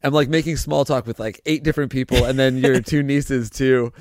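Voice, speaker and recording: Man, podcast co-host, rambling animated storytelling, lots of restarts, mid pitch, dry close sound. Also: brisk, dry recording. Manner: rambling, animated, swears freely, many restarts. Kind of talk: casual storytelling chat.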